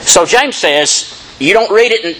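A man's voice: high-pitched, animated, a little slow, pushed and bright, slight background noise, low-quality recording. A man preaching an expository sermon, reading scripture dramatically and addressing the congregation directly. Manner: emphatic rising lines, addresses congregation directly.

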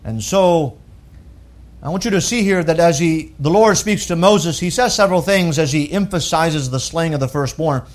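A man preaching a sermon, emphatic, asking rhetorical questions and slowing down on key phrases. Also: a little high.

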